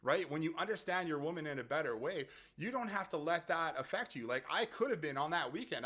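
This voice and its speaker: A man hosting a casual explainer, chatty and quick to laugh, often repeating himself as he tells a story. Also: on the high side, lively intonation, bright, forceful tone. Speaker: app creator and host.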